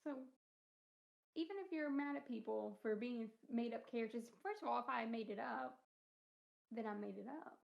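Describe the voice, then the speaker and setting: A woman's voice: on the high side, moderate pace, vocal fry. A young woman co-hosting a podcast in casual chat, telling stories with lots of laughter and acted-out quotes. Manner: animated storytelling, acts out quoted voices, laughs often. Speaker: podcast co-host. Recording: dull lo-fi podcast audio.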